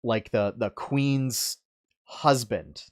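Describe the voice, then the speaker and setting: A man's voice: mid-range voice, expressive, extremely slow, a little mellow. A man co-hosting a podcast, chatting casually about video games with many fillers and restarts. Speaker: podcast co-host.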